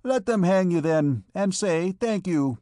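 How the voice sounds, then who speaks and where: A man's voice: fairly high pitch, sing-song, drawn-out words, dry recording, studio quality, voice pushed up, exaggerated voice. A man voicing a scornful, curt young vagabond woman questioning a beggar.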